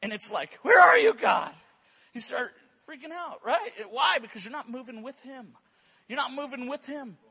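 A man preaching a sermon at a church conference service, telling stories in an animated way and repeating words in quick bursts. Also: extremely high pitch, breathy edge. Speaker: guest preacher. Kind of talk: sermon with storytelling.

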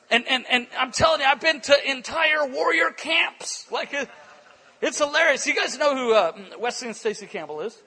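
A man with a high, bright voice preaches to a conference crowd. His tone is a little husky, and he tells animated stories, acting out what people said and laughing along. He sounds sharp and forceful, never flat. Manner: animated storytelling, acts out quotes, laughs often. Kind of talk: energetic conference sermon with stories. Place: church conference hall.

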